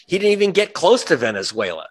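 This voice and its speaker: A man's voice: a little high, sing-song, quick pace, breathy edge. A male journalist, a guest in an interview, giving passionate political commentary, sarcastic, with frequent restarts. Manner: impassioned, sarcastic, many restarts.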